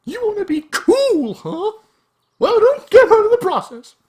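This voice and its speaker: A fussy middle-aged school doctor, voiced very high and shrill as a man puts her on in falsetto. Her pitch swoops wildly up and down in a sing-song lilt. She nags in a brisk, no-nonsense way. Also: sing-song, darkish tone, exaggerated voice. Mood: scolding.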